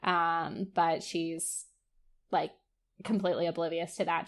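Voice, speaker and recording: A woman's voice: lowish voice, level tone, unhurried. A young woman co-hosting a podcast in casual chat, talking freely with many fillers. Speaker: podcast co-host.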